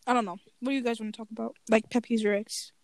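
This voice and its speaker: A woman co-host who talks quickly in a fairly high voice. She chats casually and emphatically, saying "literally" again and again and swearing for emphasis. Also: flat delivery, a little mellow, dry recording. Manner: rapid, emphatic, says "literally" a lot. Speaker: podcast co-host. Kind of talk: casual chat.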